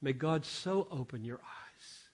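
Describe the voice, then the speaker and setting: A man's voice: mid-range voice, lively intonation, takes it slowly, breathy edge. Emphatic male preacher with big dynamic swings. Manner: dynamic, swings from hushed asides to loud emphatic exclamations. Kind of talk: sermon.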